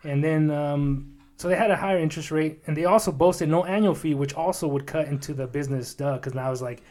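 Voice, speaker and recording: A man's voice: fairly high pitch, fairly quick, a little mellow. A man in his twenties co-hosting a casual chat, rambling and joking, with lots of fillers and restarts. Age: 20s. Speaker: podcast co-host.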